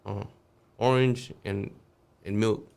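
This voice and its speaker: A man's voice: on the low side, fairly even intonation, slow pace, creaky, darkish tone, smooth. Streetwise man telling a story. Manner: streetwise, swearing, acts out quoted voices. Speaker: podcast guest. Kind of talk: casual storytelling interview.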